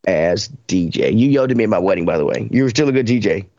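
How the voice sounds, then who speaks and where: A man's voice: on the low side, expressive, fast, dark tone, no room sound, lo-fi sound. A man hosting a podcast in a casual chat, joking and teasing his co-hosts. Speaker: podcast host.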